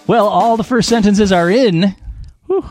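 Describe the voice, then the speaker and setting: A man's voice: sits high, a little slow, darkish tone, faint music behind. A man hosting a comedy panel game, reading book blurbs aloud with playful, laughing, dramatic delivery. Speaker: host.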